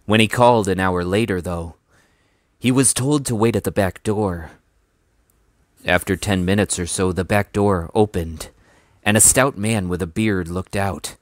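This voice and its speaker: Deep-voiced man reading a story. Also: dry recording, studio quality. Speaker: storybook reader. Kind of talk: reading a children's novel aloud.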